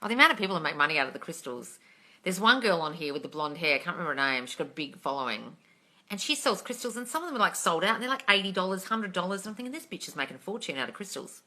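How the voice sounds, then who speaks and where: Her voice sits on the lower side, sharp-toned and animated, and she speaks in rapid bursts. A young manifesting coach answering comments on a phone live stream, she curses openly and bluntly, moving from rants into laughter.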